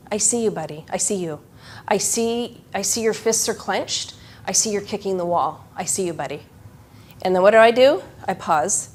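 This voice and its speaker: A middle-aged woman giving a live workshop presentation to educators, talking in an animated way. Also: lowish voice. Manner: animated, acts out children's voices.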